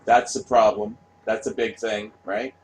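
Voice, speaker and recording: A male vlogger with a lowish voice rants bluntly in a solo monologue, speaking unhurriedly with little pitch movement on a low-quality recording. He swears freely, repeats himself, and keeps asking "right?"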